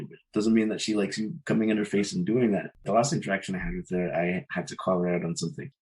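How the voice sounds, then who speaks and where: A man with a very deep, low voice speaks on a casual panel discussion. He tells a personal story candidly and at length, and his voice jumps up whenever he quotes someone else. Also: flat delivery, fast, hardly any pauses, a little mellow, rough recording. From Caribbean family, mother from Barbados. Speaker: panel guest.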